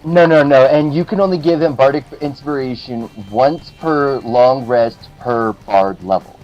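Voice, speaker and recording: A man narrating as game master of a tabletop game, animated and cursing freely. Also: medium pitch, measured pace, lo-fi sound, soft background music. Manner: animated, swearing, laughing.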